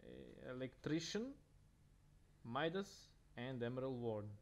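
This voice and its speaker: A man's voice: medium pitch, big pitch swings, a little slow. A man with a Russian accent casting a video game match by himself, talking casually with many fillers and restarts. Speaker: esports caster. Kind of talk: solo game commentary.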